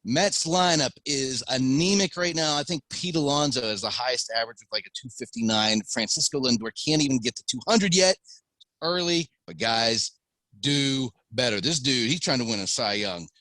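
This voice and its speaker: A man's voice: mid-range voice, lively intonation, normal speed, bright, forceful tone, dry recording, low-quality recording. A man co-hosting a sports podcast, running through stats in a matter-of-fact way. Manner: stat-heavy, matter-of-fact rundown. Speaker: podcast co-host. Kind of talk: casual sports banter.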